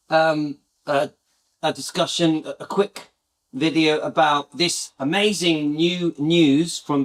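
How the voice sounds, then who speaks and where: A British man talks casually to his viewers as host of his channel. His fairly high voice rambles along with eager enthusiasm. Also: fairly bright tone. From Britain.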